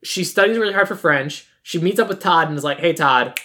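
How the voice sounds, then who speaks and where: Low-voiced woman recapping a movie. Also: quick pace, a bit bright. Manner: recounts scenes acting out characters' lines. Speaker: podcast co-host. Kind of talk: casual movie recap chat.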